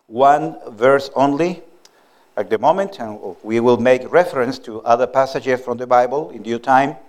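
Male visiting preacher, mid-range voice; measured, emphatic sermon delivery in a meeting hall. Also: mid-range voice, darkish tone. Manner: slow, deliberate, stresses key words. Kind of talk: sermon with opening prayer.

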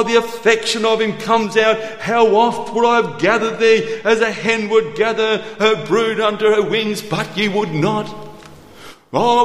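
A man with a high voice preaches a tender, earnest sermon. He slows right down for quiet lines, then rushes through asides. His voice rings out in a roomy hall with a long echo. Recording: echoey hall.

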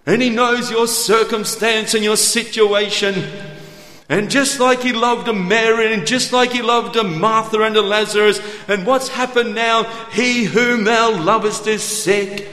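High-voiced man preaching tenderly in a hall. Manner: earnest, tender, swings between quiet slow lines and quick asides. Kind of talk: sermon. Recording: echoey hall.

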